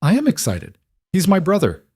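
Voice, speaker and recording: A man voicing a reserved male mafia boss who speaks quietly and in clipped lines. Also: high voice, wildly swooping pitch, normal speed, slightly rough, no echo, clean studio sound, voice pushed up, full character voice. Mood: dry.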